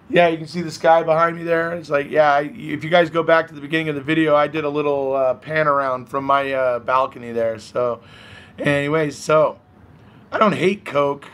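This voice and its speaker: Hoarse man chatting on a live stream. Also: on the high side, steady tone, normal speed, fairly bright tone. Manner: chatty, reads viewer comments aloud, laughs often. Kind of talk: casual live-stream chat. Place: at home by a balcony.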